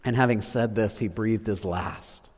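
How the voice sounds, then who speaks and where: A man preaching a sermon, swinging from loud declarations to hushed, low lines. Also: a little slow. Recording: long reverb of a large hall.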